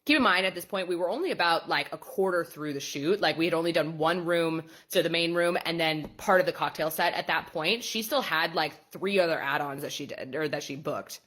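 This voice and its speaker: A woman's voice: sits low, a little fast, hardly any pauses. A young woman who runs a boudoir photography studio tells a story in a storytime vlog, bluntly and with plenty of swearing. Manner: blunt and sweary, animated retelling.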